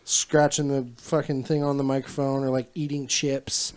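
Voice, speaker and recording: A man's voice: mid-range voice, flat delivery, normal speed, darkish tone, clean tone. A man co-hosting a podcast, explaining things in casual chat and stumbling over restarts. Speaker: podcast co-host. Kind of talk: casual chat among friends.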